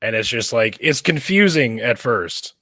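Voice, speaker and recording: A male livestream host with a lively, swinging pitch who talks bluntly and swears freely. His voice comes across dry and close, with no room sound, over a video call. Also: unhurried, no echo. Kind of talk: casual chat on a livestream.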